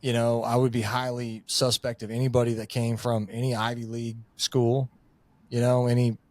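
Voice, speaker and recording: A middle-aged man in a relaxed podcast conversation, rambling and swearing as he goes. He leans on fillers like "you know" and "like", and the recording is dry, with no room sound. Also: medium pitch, normal speed, no echo. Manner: rambling, profane, full of fillers. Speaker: podcast guest, former Marine Raider.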